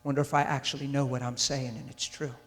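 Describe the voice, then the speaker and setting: A man's voice: mid-range voice, flat delivery, quick pace, a bit bright. A man preaching a sermon into a mic in a large church hall, intense and emphatic, often asking the crowd if they follow him. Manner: intense and emphatic, with rhetorical questions to the audience. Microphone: handheld or stand mic. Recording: long hall reverb.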